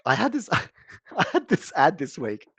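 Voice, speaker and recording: Male co-host, lively rambling storyteller, dry close mic. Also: on the high side, unhurried, breathy edge, no room sound. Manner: rambling, laughing, animated storytelling. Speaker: podcast co-host. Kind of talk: casual chat.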